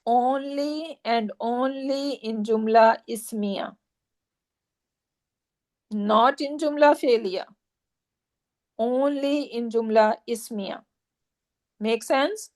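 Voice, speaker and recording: A woman teaching a grammar lesson at an unhurried pace with a somewhat high voice. She goes over each point more than once and keeps checking that her students follow. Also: darkish tone. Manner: patient, repeats points and checks understanding.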